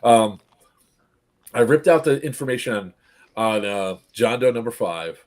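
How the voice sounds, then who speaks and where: A man recounting an airsoft-style event to friends in casual chat, laughing often and acting out what the players yelled. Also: medium pitch, animated, unhurried. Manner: laughing storyteller, acts out players' lines. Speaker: event organizer recapping a game. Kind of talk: casual group chat recap.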